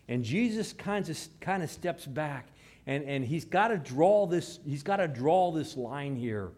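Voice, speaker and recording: A man preaching a sermon, moving between hushed, slow passages and raised, emphatic ones. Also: fairly high pitch, animated. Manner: dramatic shifts between hushed and raised delivery. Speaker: pastor.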